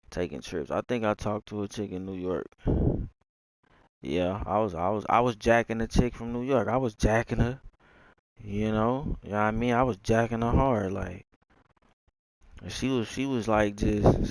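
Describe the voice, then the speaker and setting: A man's voice: fairly low pitch, darkish tone, no echo, poor audio. A young man from Texas with a Southern drawl, rambling casually in a slangy, wandering monologue. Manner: slangy, drawling, jumps between topics.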